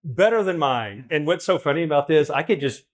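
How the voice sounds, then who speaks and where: A man's voice: on the high side, animated, fairly quick, a little hiss or hum. Rambling male host at a live event. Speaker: host, interviewer. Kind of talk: live onstage conversation. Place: event hall with audience.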